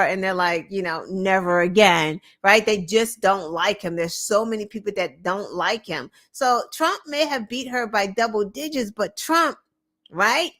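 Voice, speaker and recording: A woman's voice: mid-range voice, bright, forceful tone. A woman hosting a show, giving casual, sarcastic political commentary with lots of filler words. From United States. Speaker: show host.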